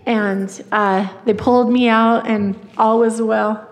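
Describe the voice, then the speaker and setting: A woman's voice: on the high side, steady tone, takes it slowly. Earnest woman telling a testimony in a hall. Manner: earnest storytelling, many fillers and restarts. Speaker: church speaker. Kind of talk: personal testimony talk. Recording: long reverb of a hall.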